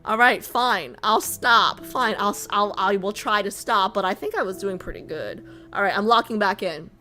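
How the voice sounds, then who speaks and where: A woman's voice: medium pitch, moderate pace, pushed and bright, faint music behind. A woman streamer chatting playfully with her viewers and reading a game story aloud. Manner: chatty and playful, teasing herself and her chat.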